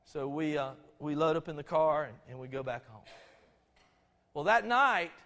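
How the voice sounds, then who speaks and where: A middle-aged Southern man from Georgia delivers a folksy, storytelling sermon, stumbling through restarts as he talks. His voice sits high for a man. His words ring out with a long echo across a church sanctuary. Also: animated, moderate pace, fairly bright tone. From Albany, Georgia, USA. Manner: folksy, conversational, with frequent restarts. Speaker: pastor.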